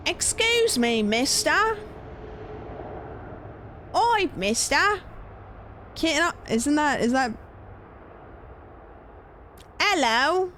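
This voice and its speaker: A woman voicing a small British newspaper boy in a cap, with a put-on British accent, calling out in a drawn-out way. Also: sits high, sing-song, fairly bright tone, a little hiss or hum, pitched above the performer's own voice, full character voice. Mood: pleading.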